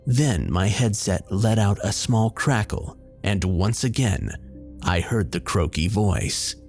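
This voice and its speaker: A man telling a first-person horror story in a steady, measured way. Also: fairly low pitch. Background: faint background music.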